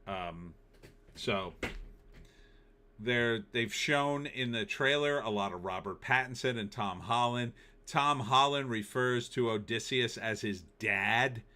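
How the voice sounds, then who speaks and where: Middle-aged male host with a bright, sharp tone, opinionated and sarcastic in loose chat. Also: on the low side. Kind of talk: casual live-stream commentary.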